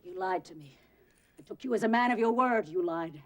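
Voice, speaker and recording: A woman's voice: on the low side, lively intonation, fairly quick, lightly acted. An actress playing a pushy, melodramatic woman who pesters a bank official with theatrical, wailing insistence. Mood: accusing, insistent. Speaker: petitioner. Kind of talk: film acting.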